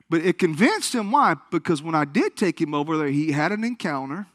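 A male preacher telling a healing story in a sermon, animated and acting out the quotes. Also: high-pitched, moderate pace, dry recording. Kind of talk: sermon testimony.

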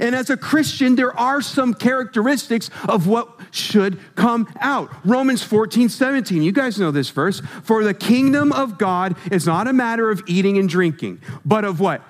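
A man's voice: high voice, lively intonation, moderate pace, few pauses. A man preaching a sermon, conversational and humorous, asking his congregation questions as he goes.

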